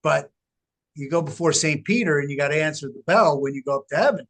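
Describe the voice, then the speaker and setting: Animated middle-aged man, slightly high voice. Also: fast talker. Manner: animated, emphatic storytelling. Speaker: guest, researcher. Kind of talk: casual interview talk.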